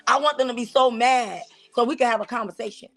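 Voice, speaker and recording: A woman with a Southern US accent hosting a casual talk show, talking straight to her viewers in an animated, preachy and teasing way. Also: on the high side, fast talker, faint music behind. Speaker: host. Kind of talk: casual commentary on church life.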